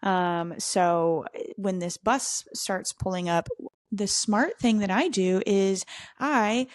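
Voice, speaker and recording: A woman's voice: mid-range voice, a little slow, darkish tone, dry recording, studio quality. A young woman hosting a podcast, telling a wild personal story in a candid, profane, self-mocking way. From southern United States. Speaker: podcast host. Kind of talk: casual storytelling.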